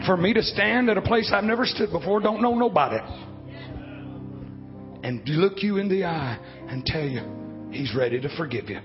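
A man in his fifties preaching a sermon, swinging from low, quiet talk to loud shouting. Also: lively intonation, moderate pace, long pauses. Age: 50s. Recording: dull lo-fi recording with faint music.

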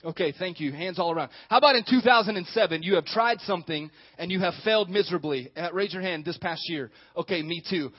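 A man's voice: sits high, fast talker, hardly any pauses, husky, lo-fi sound. A male pastor preaching a sermon, joking and talking with the congregation.

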